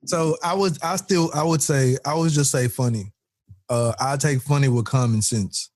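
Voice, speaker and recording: A man co-hosting a podcast in casual chat, animated and laughing as he acts out quotes. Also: mid-range voice, moderate pace, dry recording, clean studio sound. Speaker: podcast co-host.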